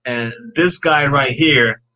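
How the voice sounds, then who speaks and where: A man's voice: medium pitch, slow, bright, forceful tone, rough recording. A man hosting a casual live-stream podcast chat, upbeat and reading out viewer comments. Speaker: podcast host.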